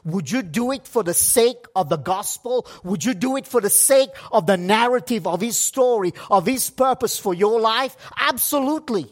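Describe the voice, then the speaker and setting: A man preaching a sermon, slow and emphatic, with pauses between phrases. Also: high-pitched, lively intonation. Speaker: pastor. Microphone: livestream setup.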